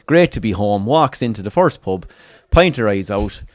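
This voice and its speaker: A man's voice: lowish voice, lively intonation, normal speed, no echo. An Irish man co-hosting a football watchalong, telling a long swearing pub story and acting out the people in it. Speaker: watchalong co-host.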